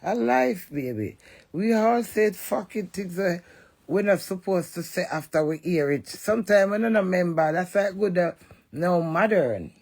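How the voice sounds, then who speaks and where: A woman with a thick Jamaican accent launches into a brash, fiery rant, swearing freely. Her voice has a gravelly, creaky edge. She sounds defiant and unfiltered. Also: lowish voice, expressive, a little slow, darkish tone. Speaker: social media personality. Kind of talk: ranting monologue.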